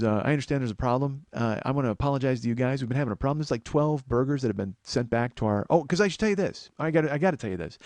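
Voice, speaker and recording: Middle-aged male comic host, lively pitch, exasperated storytelling rant. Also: dry recording. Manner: exasperated rant, swearing, quoting others. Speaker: comedian and podcast host. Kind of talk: storytelling monologue.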